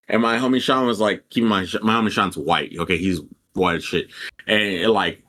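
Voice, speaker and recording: A man's voice: on the low side, brisk, pushed and bright. A young man casually telling a rambling, profane story and quoting people animatedly as a podcast co-host.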